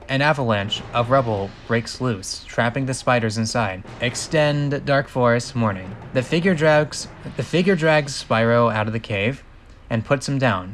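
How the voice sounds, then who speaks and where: A man's voice: medium pitch, slight background noise. A man reading a film script aloud and breaking off for rambling, incredulous asides.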